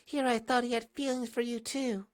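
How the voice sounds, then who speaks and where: A man reading manga aloud, voicing a lively young woman racing partner in a high, sing-song, teasing voice. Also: a little fast.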